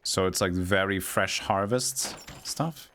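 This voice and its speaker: A man's voice: sits low, takes it slowly, background noise. A young man chatting casually while streaming a video game and reading chat aloud. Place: home streaming setup. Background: game music.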